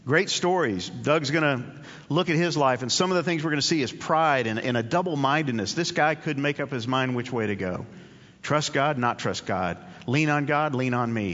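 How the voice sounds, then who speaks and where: A man delivers a sermon in an earnest, conversational way, doubling back on his key phrases. His voice sits at an ordinary middle pitch. The recording is muffled and rings with long reverb from a large church. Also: a bit bright. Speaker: pastor. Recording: dull audio with long hall reverb.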